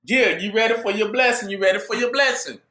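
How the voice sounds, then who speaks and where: A man's voice: sits high, quick pace, bright, forceful tone, roomy sound. A man preaching a sermon, driving it with call-and-response and rhetorical questions to his listeners.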